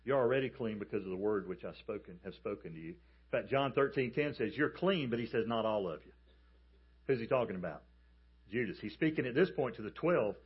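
A man preaching a sermon as a pastor, emphatic and animated as he tells a story. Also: lowish voice, a little fast, slightly rough, dull audio. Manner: emphatic, animated storytelling with calls for the congregation to repeat.

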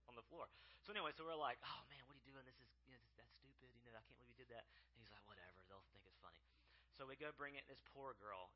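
A man, a guest preacher telling a funny story in his sermon, animated and laughing often, with many fillers. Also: mid-range voice, dull audio. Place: church chapel.

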